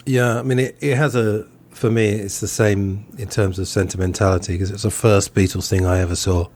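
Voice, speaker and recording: A man's voice: on the low side, fairly even intonation, brisk, darkish tone, a little hiss or hum. A man hosting a podcast in a casual review chat, talking loosely and hedging often. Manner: chatty and loose, hedges often. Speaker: podcast host.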